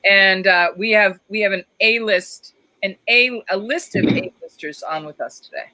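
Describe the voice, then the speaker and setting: A woman's voice: medium pitch, moderate pace, pushed and bright, rough recording. A woman hosting a live talk show, chatting in a theatrical, enthusiastic way. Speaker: show host.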